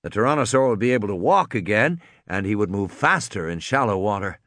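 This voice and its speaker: Expressive male audiobook narrator. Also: lowish voice, fairly quick, dry recording. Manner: expressive storytelling with voiced characters. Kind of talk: audiobook reading.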